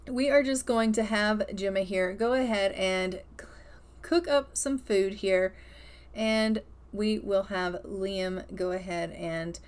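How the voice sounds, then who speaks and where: A woman narrating her life-simulation gameplay in a chatty, upbeat way, stretching and repeating words for emphasis. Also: medium pitch. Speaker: gaming video host.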